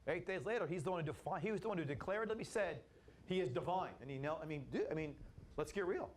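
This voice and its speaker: A man leading a Bible study, teaching in a lively, casual way and acting out the people in the story. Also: a little high, quick pace, a little hiss or hum. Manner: animated, acts out voices of people in the story, casual slang.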